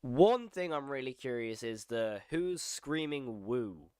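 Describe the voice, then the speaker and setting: A horror channel host with a medium-pitched, darkish, clean voice takes his time, swinging widely in pitch, in clean studio sound with no room sound. He's running a casual live horror reaction stream, thinking aloud, rambling and repeating phrases.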